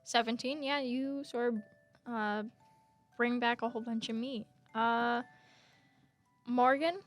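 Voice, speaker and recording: A woman's voice: on the high side, steady tone, slow pace, faint music behind. A young adult woman narrating a tabletop game as game master, with lots of fillers and hesitations.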